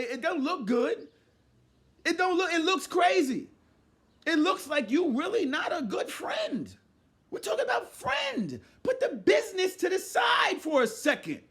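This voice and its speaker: A man delivers an exasperated commentary rant, his voice pitched very high and swinging widely. He shouts often and mocks the people he talks about. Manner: loud, exasperated, often shouting, mock-quoting others. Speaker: commentary vlogger.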